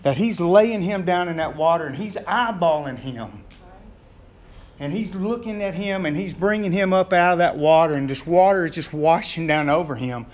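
Here a pastor with a slightly high voice preaches at an ordinary pace, talking to the congregation like a friend and calling them "gang." Acting out scenes, he turns loud and excited.

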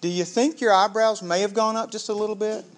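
A man preaching a sermon as pastor, telling the story with animated, acted-out dialogue. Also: high-pitched, brisk. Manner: animated storytelling, acting out biblical characters.

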